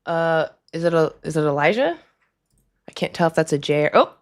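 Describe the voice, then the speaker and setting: A woman's voice: low voice, expressive, fairly quick. A woman hosting a casual live stream at her desk at home, rambling with lots of fillers and chatty asides.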